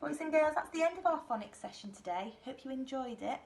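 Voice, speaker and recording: A woman teaching a phonics lesson to small children, talking in a slow, exaggerated, sing-song way. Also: high voice, animated, gravelly, a little hiss or hum. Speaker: nursery teacher.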